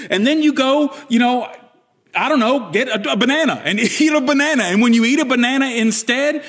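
High-voiced man preaching with passion. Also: breathy edge. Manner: animated, emphatic preaching with acted-out inner dialogue. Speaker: pastor. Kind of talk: sermon.

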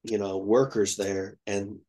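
A man's voice: fairly low pitch, slow. A man in his thirties from Ohio telling a long travel story in casual chat, rambling and acting out what people said. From Ohio, USA. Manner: rambling, animated retelling with quoted voices.

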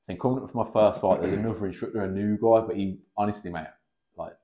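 Man, 30s, very low voice, quick chatty delivery, swears freely, lo-fi recording. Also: fairly even intonation, dark tone. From England. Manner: chatty, swears freely, acts out quoted dialogue. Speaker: podcast guest, kickboxing coach. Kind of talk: casual podcast storytelling. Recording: slightly dull lo-fi podcast audio.

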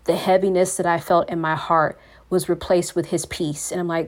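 A woman's voice: fairly low pitch, steady tone, normal speed. A woman hosting a faith podcast, talking in an earnest, preachy way and calling her listeners "you all". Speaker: podcast host.

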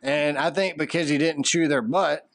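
A man's voice: fairly high pitch, fairly even intonation, normal speed, fairly bright tone, dry recording. A man with a Southern US accent co-hosting a podcast, chatting casually and trading opinionated, joking takes. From American South. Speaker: podcast co-host. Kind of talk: casual chat.

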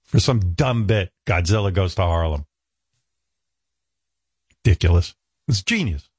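Man, older, radio host, lively pitch, dry close sound, self-mocking storyteller. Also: a little slow, husky, no room sound. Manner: self-mocking, acts out other people's lines. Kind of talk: comic storytelling chat.

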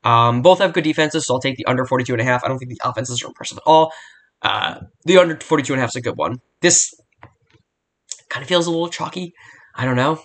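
A man's voice: mid-range voice, quick pace, a bit bright. Young male solo podcaster, blunt and profane, rambling home recording. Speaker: podcast host. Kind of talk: casual solo sports betting podcast. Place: home room near a barking dog.

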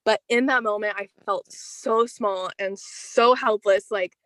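A young woman in her teens, a guest in a casual interview, telling a personal story in an animated, chatty way with lots of "like.". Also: medium pitch, unhurried, no echo.

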